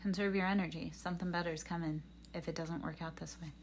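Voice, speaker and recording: A woman's voice: fairly low pitch, steady tone, quick pace, a little hiss or hum. A young adult woman on a livestream reading tarot, telling a rambling, earnest story full of fillers and advice. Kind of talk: casual chat.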